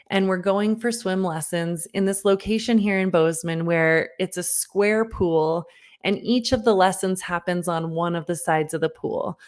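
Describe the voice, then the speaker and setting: A woman in her thirties, a parenting coach, giving an online workshop talk and telling a personal story with lively, earnest direct address to the listener. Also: lowish voice. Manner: lively storyteller who acts out her own past lines.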